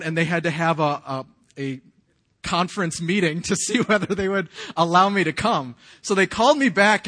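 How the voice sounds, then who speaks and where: A man's voice: on the high side, a bit bright. A man in his forties preaching a sermon, telling his own story in a conversational way with casual slang and frequent restarts. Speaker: pastor. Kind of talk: sermon with personal testimony.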